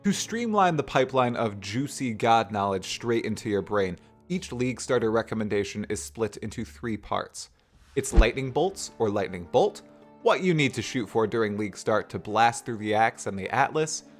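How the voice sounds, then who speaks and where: A man's voice: lowish voice, lively intonation, normal speed, soft background music. A man hosting a gaming video, giving scripted commentary in a playful, enthusiastic, explanatory way. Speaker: gaming YouTuber host.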